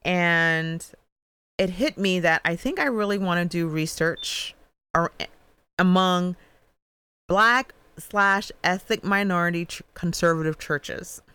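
A woman guest who researches trauma, explaining her work in an animated, storytelling way during a casual interview. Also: fairly low pitch, slow, clear, resonant tone.

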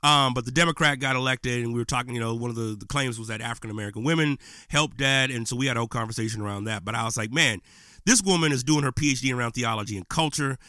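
A man hosting his podcast, speaking straight to listeners in a loose, slangy and impassioned way. His voice is bright and forward. The mic is close and the sound is dry, with no room echo. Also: mid-range voice, fast talker. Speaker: podcast host. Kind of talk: casual podcast monologue. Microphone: podcast microphone.

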